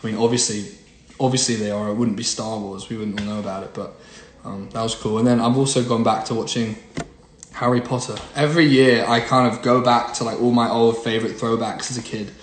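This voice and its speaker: A young singer-songwriter chatting casually on a phone livestream, rambling with lots of fillers. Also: male voice, mid-range voice, steady tone, fairly quick. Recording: roomy echo, faint noise.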